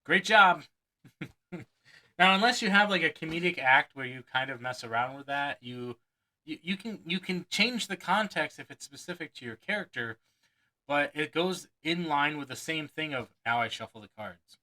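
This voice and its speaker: Bright-voiced man reading aloud with asides. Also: fairly high pitch, expressive, normal speed, poor audio. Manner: chuckles often, breaks off to add his own asides; acts out quoted lines with mock enthusiasm. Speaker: magician reading a magic book aloud.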